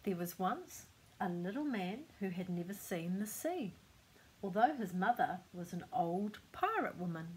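An older woman reads a picture book aloud in a gentle, unhurried way. She stops now and then to point out details in the pictures, as if to a child beside her. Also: mid-range voice, big pitch swings, poor audio. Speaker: storyteller.

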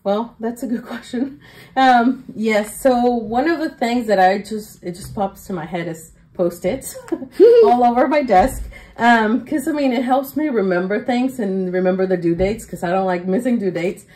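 A young adult woman, a teacher, telling stories as a podcast guest in an excited way, with many fillers and laughs. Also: on the high side, normal speed, low-quality recording. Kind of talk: casual interview storytelling.

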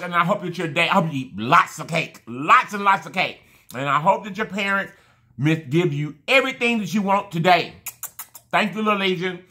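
A man's voice: on the high side, lively intonation, normal speed, pushed and bright. A man chatting casually to camera while eating, effusive and rambling, thanking his viewers again and again. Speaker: mukbang vlogger.

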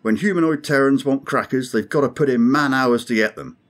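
A man's voice: medium pitch, brisk, voice pushed up, natural voice. A man voicing a grim, sardonic male alien crewman who speaks dryly and insistently. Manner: dry, insistent, ominous.

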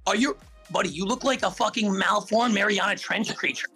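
A man throws loud, mocking insults at someone. His voice is sharp and bright, with a husky rasp. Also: high-pitched, brisk, soft background music. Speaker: contestant. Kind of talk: comedic roast.

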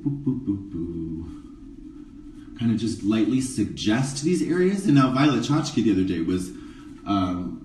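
A man's voice: on the low side, mellow, far from the mic, a little hiss or hum. Campy sarcastic man, roomy phone sound. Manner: campy, sarcastic, rambling asides. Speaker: drag performer doing a makeup tutorial. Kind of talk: casual live-stream chat. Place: dressing room before a show. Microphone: phone camera, a bit away.

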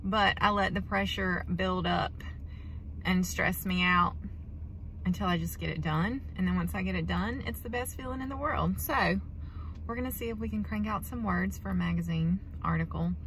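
A woman's voice: mid-range voice, moderate pace, a bit bright, slight background noise. A woman farm vlogger chatting casually and heartfelt to her viewers. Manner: chatty, heartfelt, says y'all a lot. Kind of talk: casual vlog chat to camera.

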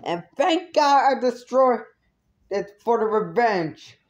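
High-voiced woman ranting slowly. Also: animated, muffled recording. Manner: indignant, swearing rant. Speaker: reviewer. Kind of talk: ranting review vlog.

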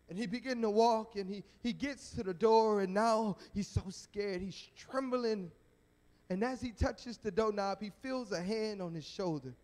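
A male evangelist preaching at a youth rally, telling a story in an animated, dramatic way. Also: high voice, measured pace. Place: church sanctuary. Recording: echoey church sanctuary.

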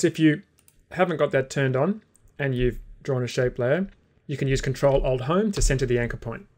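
A man walks through a screen-recorded software tutorial at an even, unhurried pace, speaking in a mid-range voice. He explains each step calmly, the way an instructor narrates while clicking through a program. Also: mid-range voice.

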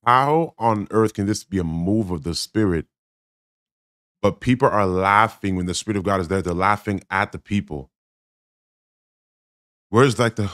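A man's voice: low-pitched, normal speed, pauses often, a bit bright, no echo, clean studio sound. A man giving blunt, critical reaction commentary on a sermon clip, speaking emphatically. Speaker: Christian commentator.

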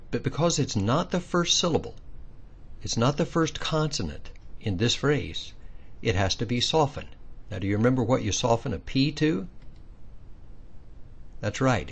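A man with a lowish, husky voice teaches pronunciation in a recorded lesson. He takes it one step at a time, explaining patiently and checking understanding with brief quiz questions.

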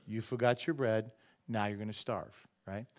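Man preaching an animated, joking sermon. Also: lowish voice, normal speed. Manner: animated, acts out voices and jokes with the congregation. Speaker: pastor. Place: church.

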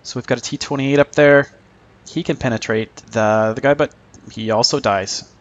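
A man's voice: medium pitch, normal speed, dull audio. A man giving casual, joking commentary over his own tank gameplay, mocking himself and chuckling often.

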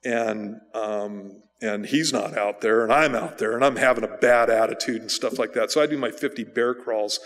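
Pastor telling a story in a reverberant church. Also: male voice, fairly low pitch, normal speed, few pauses, fairly bright tone. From United States. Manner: conversational storytelling, many fillers and restarts, chuckles. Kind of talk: sermon with personal story. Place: church sanctuary.

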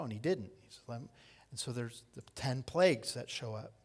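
A man preaching a sermon as pastor, swinging between loud impassioned cries and hushed lines and repeating key phrases for emphasis. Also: mid-range voice, expressive, normal speed, husky.

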